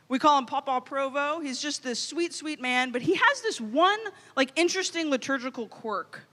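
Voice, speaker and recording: A woman in her thirties from Louisiana, telling a funny story as a youth conference speaker, animated and playful. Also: sits high. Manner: animated, comic storytelling with quoted inner voices. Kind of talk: storytelling keynote talk. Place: large hall. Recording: long hall reverb.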